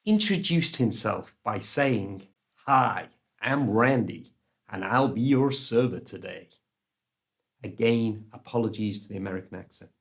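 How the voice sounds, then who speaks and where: A man with a British accent teaches English through a story told straight to the viewer. He speaks slowly and carefully, with a voice that moves lively between high and low notes. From United Kingdom. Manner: slow, deliberate delivery with lively ups and downs. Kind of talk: storytelling lesson to camera.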